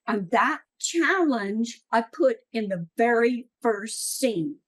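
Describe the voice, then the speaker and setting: A woman's voice: on the high side, animated, slow pace, poor audio. A middle-aged woman giving an earnest, encouraging talk at a writing workshop. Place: meeting room.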